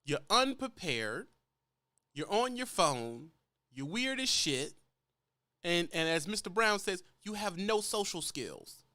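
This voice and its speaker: A man's voice: high-pitched, big pitch swings, measured pace, pushed and bright, no room sound. A man with a Louisiana accent, a truck driver lecturing bluntly and profanely in a ranting vlog.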